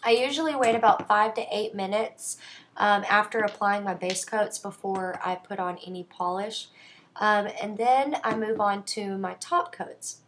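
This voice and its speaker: A young woman talks casually about her nail care products. She is chatty and enthusiastic and often says "um". Her pitch sits in an average range. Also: a little slow, fairly bright tone, a little hiss or hum. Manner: chatty and enthusiastic, frequent "um" fillers. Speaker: beauty vlogger.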